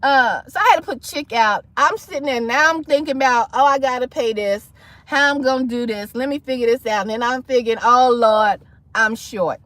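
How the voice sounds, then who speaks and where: A woman with a high-pitched voice, speaking a little fast with no echo, hosts a casual livestream. She tells a personal story with animated, dramatic flair, acting out the voices of the people in it.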